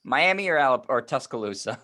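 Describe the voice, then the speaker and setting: A man's voice: medium pitch, lively intonation, fairly quick, pushed and bright. A man co-hosting a sports podcast, chatting casually with wry jokes and asides. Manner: joking, wry, talks in asides. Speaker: podcast co-host.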